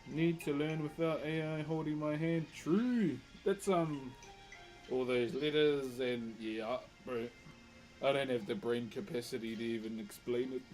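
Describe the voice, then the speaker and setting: A man's voice: medium pitch, fairly even intonation, unhurried, darkish tone, faint music behind. Laid-back New man streaming. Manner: laid-back, laughs often, says bro. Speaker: livestreamer and wood carver. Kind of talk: casual live-stream chat.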